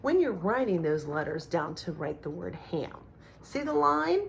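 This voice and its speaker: A middle-aged woman teaching a remote phonics lesson to young children, speaking slowly and clearly with encouraging sound-outs. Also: on the low side, sing-song, slight background noise. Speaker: kindergarten teacher.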